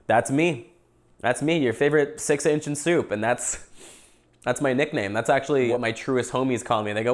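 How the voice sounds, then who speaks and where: A man's voice: medium pitch, expressive, moderate pace, a bit bright. A young Canadian man hosting a casual podcast livestream, rambling and joking while he eats. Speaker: podcast host.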